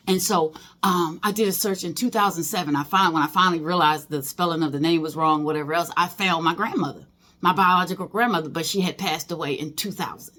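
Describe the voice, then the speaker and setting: A woman's voice: fairly low pitch, fairly quick, pushed and bright. A middle-aged woman talking casually in a personal vlog, emotional and rambling, with many fillers and restarts. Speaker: vlogger.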